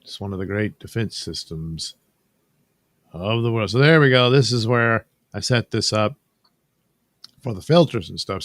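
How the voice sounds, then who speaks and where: A man's voice: on the low side, expressive, normal speed, long pauses, no room sound, studio quality. A man casually narrating his drawing process with rambling, wry, sardonic asides. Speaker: cartoonist and channel host.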